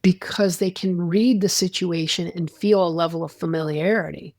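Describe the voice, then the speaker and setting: A man's voice: high-pitched, fairly even intonation, moderate pace, a little mellow, dry recording, clean studio sound. A man, a sports psychologist, talking as a guest in a casual interview, rambling with restarts and acting out quoted dialogue.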